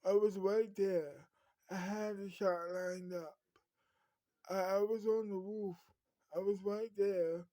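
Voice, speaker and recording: A woman's voice: medium pitch, fairly even intonation, takes it slowly, mellow, no room sound, close to an everyday voice. A woman doing a stammering, remorseful boyfriend. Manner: apologetic, stammering. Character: remorseful young man, upset boyfriend.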